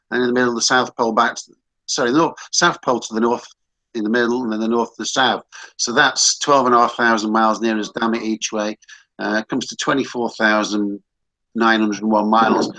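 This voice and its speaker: A man's voice: mid-range voice, pushed and bright, poor audio. A man hosting a casual online talk show, chatty and rambling, with frequent restarts. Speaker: host.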